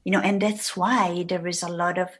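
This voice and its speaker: A woman speaks as a podcast guest, her voice a little husky and pitched on the low side. She wanders through her points and slips into voicing the thoughts she quotes. The talk is casual and conversational. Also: flat delivery, normal speed. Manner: rambling, acts out quoted thoughts. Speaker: guest, writing mentor.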